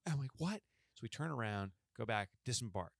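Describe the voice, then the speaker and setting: A man's voice: on the low side, quick pace, vocal fry, a bit bright, dry recording. Guy cohosting a podcast, chatty storyteller, acts out the quotes, dry close mic. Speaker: podcast co-host. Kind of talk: casual storytelling chat.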